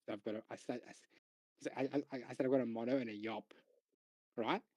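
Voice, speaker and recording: A man recounting a game to friends in an eager, tumbling way, checking in with "ready?" and "right?" between beats. His voice is mid-pitched and sounds dry and close, with no room around it. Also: fairly quick, no room sound, highs cut off. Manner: excited, repeats "ready?" and "right?", laughs while telling. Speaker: streamer. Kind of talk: casual voice chat storytelling.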